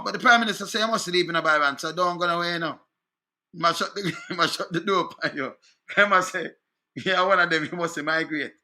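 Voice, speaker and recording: A man's voice: high-pitched, pushed and bright. A Jamaican man giving an indignant political rant, often stopping to ask "Eh?". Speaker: online commentator.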